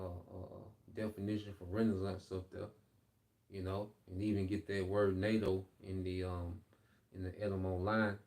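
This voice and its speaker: Guy with a kinda low voice explaining bible verses, loose and repetitive, keeps saying "man" and "okay". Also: darkish tone. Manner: reads scripture aloud, then explains it. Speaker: Bible teacher. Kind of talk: informal scripture teaching.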